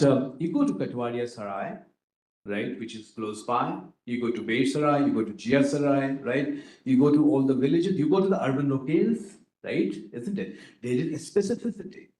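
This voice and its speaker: A man's voice: a little high, dark tone. Man lecturing in an echoey room. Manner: questioning the audience, tagging points with "right?". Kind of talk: workshop lecture to students.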